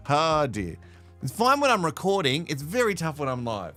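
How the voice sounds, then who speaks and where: A man's voice: on the high side, wildly swooping pitch, moderate pace, sharp tone, faint music behind. A man from Australia hosting a live show from home in playful, teasing casual commentary. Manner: chatty, playful, teasing, laughs often. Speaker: host.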